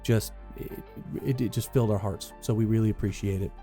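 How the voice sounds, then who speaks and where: A man's voice: lowish voice, steady tone, brisk, dark tone, soft background music. A man co-hosting a casual reaction chat, rambling and joking, often restarting his sentences. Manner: rambling, self-interrupting, joking. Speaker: co-host.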